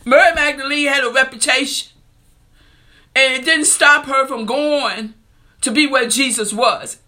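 A woman preacher with a high, bright voice delivers a sermon. She reads scripture aloud and takes her time over it. Her manner is earnest and heartfelt throughout. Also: measured pace.

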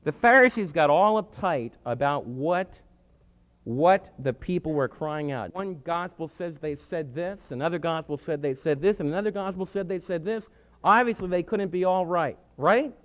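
Man preaching, high voice, emphatic, hushed then loud, long hall echo, muffled sound. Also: normal speed. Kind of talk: sermon.

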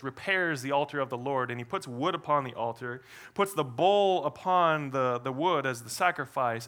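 A male pastor delivers a storytelling sermon in a high, bright voice. He acts out the characters' lines with playful energy. He moves between excited loud bursts and hushed, low asides. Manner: animated storytelling preacher, acts out quotes and trash talk.

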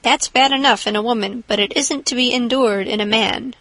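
A stern, practical older woman with a brisk, clipped and scolding way of talking, as a woman reads her. The voice is fairly high and dry, close to the mic. It comes from an audiobook. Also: fairly bright tone, no room sound, rough recording. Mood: grudging. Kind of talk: audiobook character reading.

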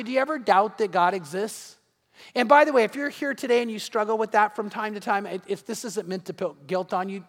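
A pastor preaching with real fervor, his voice sitting high for a man. He leans into emphatic points and throws rhetorical questions out to the congregation. The sound rings with the long reverb of a large church hall. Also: a bit bright. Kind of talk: sermon.

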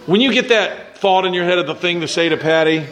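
Man, pastor, sermon, slightly high voice, conversational, asks questions, faint background noise. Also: brisk, a bit bright. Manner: acts out quoted voices, repeats words when starting sentences. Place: church.

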